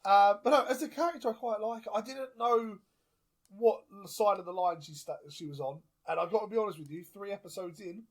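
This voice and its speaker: A man's voice: high-pitched, a little fast. A man co-hosting a podcast in casual chat, making dry joking asides. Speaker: podcast co-host.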